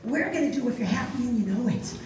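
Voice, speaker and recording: A middle-aged woman performing a high-energy live children's show, coaxing the kids to join a sing-along. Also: lively intonation, quick pace, crowd noise. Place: room at a live children's event. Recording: echoey, noisy live room from far off.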